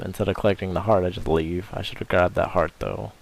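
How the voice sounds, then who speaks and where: A man's voice: sits low, steady tone, quick pace, vocal fry. A man giving rambling, crude, joking commentary over his video game playthrough. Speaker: gameplay commentator. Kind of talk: casual let's-play commentary.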